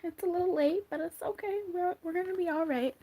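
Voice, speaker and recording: A tarot card reader with a very high, mellow voice speaks fairly quickly. Giving a casual monthly reading, she chats and rambles, drifting onto tangents and restarting her sentences.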